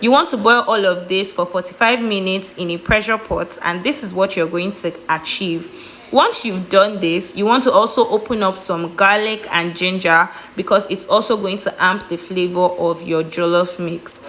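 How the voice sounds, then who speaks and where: Nigerian woman hosting a cooking tutorial voice-over, chatty and emphatic, with a mid-pitched voice. She drives her tips home with playful stress, with a faint noise behind her. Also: normal speed, a bit bright. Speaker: cooking vlogger.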